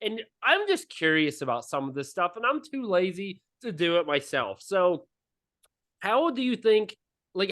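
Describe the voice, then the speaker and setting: A man's voice: a little high, fairly bright tone. Joking man hosting a gaming podcast. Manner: joking, playful questions. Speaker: podcast host. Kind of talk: casual podcast chat.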